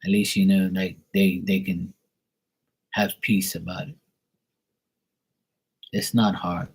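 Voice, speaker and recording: A man's voice: low-pitched, level tone, takes it slowly, creaky, husky, poor audio. A man giving a casual live-stream psychic reading, talking bluntly and emphatically with plenty of swearing. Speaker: psychic tarot reader.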